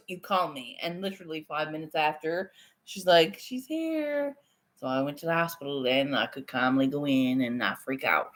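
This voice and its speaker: Low but a bit bright, this woman's voice belongs to a livestream host in her thirties. At home, she casually works through her viewers' comments, swearing and laughing frequently as she responds.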